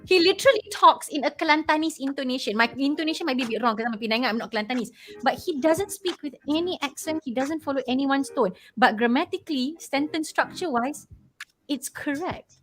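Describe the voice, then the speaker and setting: A woman's voice: high-pitched, lively intonation, fast, a bit bright, soft background music. A Malaysian woman with a Malaysian English accent, explaining language learning in casual chat and mixing in Malay words.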